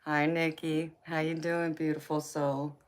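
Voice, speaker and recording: A woman's voice: low-pitched, little pitch movement, measured pace. A woman chatting with viewers on a live tarot stream, teasing and folksy, laughing often. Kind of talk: casual live chat with viewers.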